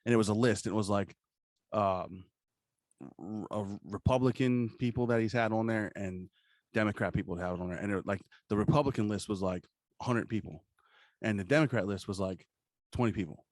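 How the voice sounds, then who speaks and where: A man's voice: lowish voice, fairly quick, no echo. Profane storytelling man, dry close sound. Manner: animated storyteller, quotes others in put-on voices, swears a lot. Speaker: podcast co-host. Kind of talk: casual chat.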